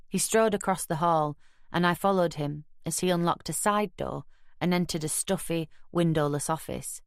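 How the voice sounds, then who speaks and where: A woman narrating a crime audiobook in the first person, measured and wry, recorded close on a studio mic. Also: on the low side, smooth, dry recording.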